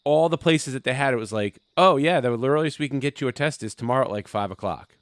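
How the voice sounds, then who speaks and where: Smooth-voiced man telling stories. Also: medium pitch, quick pace, no room sound, studio quality. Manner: profane storytelling, acting out quoted people. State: recovering from covid. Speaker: podcast co-host. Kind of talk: casual chat. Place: home basement.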